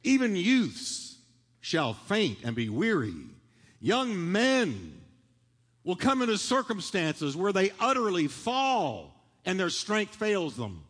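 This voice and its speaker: A man's voice: high voice, wildly swooping pitch, slow, fairly bright tone, slightly rough. Fervent preaching man in a reverberant hall. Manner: preaching with rising fervor, leading the congregation in call-and-response. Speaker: pastor. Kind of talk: sermon. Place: large church sanctuary.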